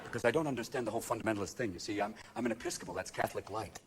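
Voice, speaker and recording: A man doing a stand-up comedy routine, manic, swinging between shouts and hushed asides, recorded live on stage. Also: on the low side, sing-song, racing, vocal fry, crowd noise.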